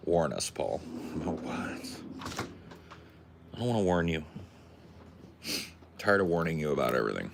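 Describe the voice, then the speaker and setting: A male podcast host chatting casually, crude and joking, with an animated delivery. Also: a bass voice, normal speed, creaky, long pauses, slight background noise.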